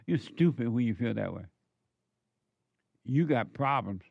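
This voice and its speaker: A man's voice: mid-range voice, animated, a little slow, vocal fry, darkish tone, husky, no echo. A male counselor delivering a preachy monologue, firing off emphatic rhetorical questions in a scolding tone.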